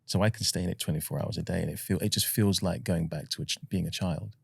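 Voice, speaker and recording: A middle-aged British actor with a received pronunciation accent, talking softly and thoughtfully in a relaxed interview, often pausing with ums. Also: male voice, sits low, creaky, breathy edge. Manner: soft-spoken and reflective, pauses with ums and uhs. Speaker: actor, guest.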